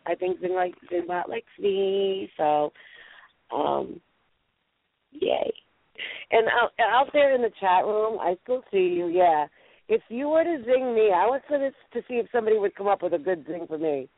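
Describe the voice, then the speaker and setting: A woman's voice: medium pitch, lively intonation, moderate pace, no room sound. Playful New England woman on a phone line. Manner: playful, giggly, rambling with fillers. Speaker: radio show host. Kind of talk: casual chat. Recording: tinny phone line, dry.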